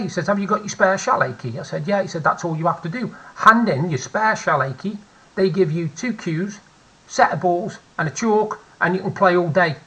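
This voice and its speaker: British guy in his 40s rambling through a story at home, kinda husky, bright edge to it. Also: high-pitched, low-quality recording. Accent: British English. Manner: chatty, candid, repeats phrases for emphasis. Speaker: vlogger. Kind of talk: personal storytelling vlog. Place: at home, seated.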